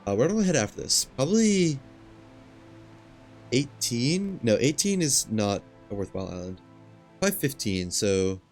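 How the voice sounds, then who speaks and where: A man streaming a game, talking to himself in a relaxed, muttering way while he plays, with hiccups. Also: medium pitch, moderate pace, long pauses, faint music behind. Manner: muttering to himself, laid-back. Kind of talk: casual gameplay commentary. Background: game ambience and engine noise.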